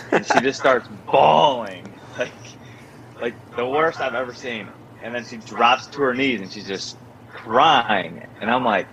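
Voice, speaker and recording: A young man with a middling pitch tells a story in relaxed, conversational fashion. He scatters "like" through every sentence and lifts his voice when he acts out quotes. A faint noise sits under the recording. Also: normal speed, low-quality recording. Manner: animated storyteller, many filler "like"s, acts out quotes in a higher voice. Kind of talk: casual storytelling chat.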